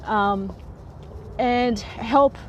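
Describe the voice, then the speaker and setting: A woman's voice: fairly high pitch, drawn-out words, highs cut off, a little hiss or hum. Chatty woman giving frank advice. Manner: chatty, frank, often laughs mid-sentence. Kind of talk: casual advice talk to camera.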